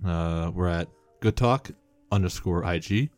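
A young man hosting a casual podcast, telling a story and acting out the quotes loudly. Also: sits low, unhurried. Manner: animated, acts out quotes loudly, swears. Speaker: podcast host.

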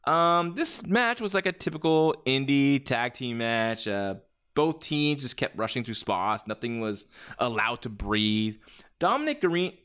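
A man's voice: a little high, a bit bright, clear, resonant tone. A man hosting a podcast, chatting casually and with strong opinions as he reviews matches, often restarting his sentences. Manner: rambling, many restarts and fillers, opinionated. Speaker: podcast host reviewing wrestling. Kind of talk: casual chat.

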